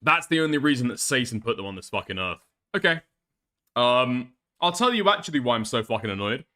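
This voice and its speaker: A man's voice: mid-range voice, big pitch swings, a little fast, pushed and bright. A man streaming live, reacting to a video with crude, mocking commentary and frequent laughter.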